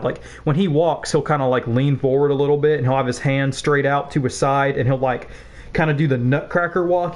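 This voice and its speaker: A young man of about nineteen, a game streamer, chatting casually and telling a school story while he plays, rambling with swearing and laughing asides. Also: on the high side. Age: young adult, about 19.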